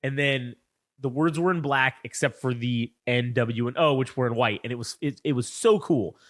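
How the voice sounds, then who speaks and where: A man co-hosting a wrestling podcast, retelling a feud in excited, profane, rambling chat on a close mic. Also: medium pitch, normal speed, no echo. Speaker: podcast co-host. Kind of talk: casual chat, wrestling recap.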